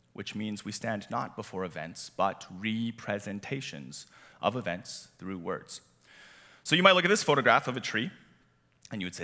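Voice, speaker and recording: A bright, lively male pastor preaching with playful asides and a lot of rise and fall in his voice. His voice carries a long reverb off the church hall. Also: on the low side. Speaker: youth director and teaching pastor. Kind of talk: sermon.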